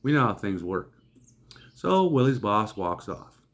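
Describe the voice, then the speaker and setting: A man's voice: fairly low pitch, very animated, unhurried, a bit bright. A middle-aged man from Iowa, telling a comic anecdote in a folksy, wry way. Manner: folksy, wry, acts out voices of others. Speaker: storyteller. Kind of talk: comedic anecdote storytelling.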